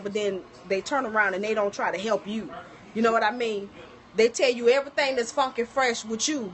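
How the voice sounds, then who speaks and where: A middle-aged woman chatting casually on a livestream, telling stories and talking straight to her viewers. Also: fairly high pitch. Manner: animated storytelling, addresses viewers as y'all. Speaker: livestream host. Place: home kitchen.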